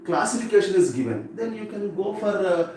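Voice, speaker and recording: A man's voice: sits high, lively intonation, brisk, darkish tone. A man with an Indian English accent teaching exam tips in a live lesson, repeating key points and checking in with the class. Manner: repetitive, instructive, checks in with "okay?". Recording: echoey room from far off with faint noise.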